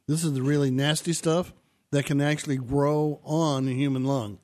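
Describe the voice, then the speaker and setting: A man's voice: a little high, fairly even intonation, moderate pace, darkish tone. A man from Arizona co-hosting a radio show as a home inspector, plainly explaining technical details with dry humor. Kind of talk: casual radio talk.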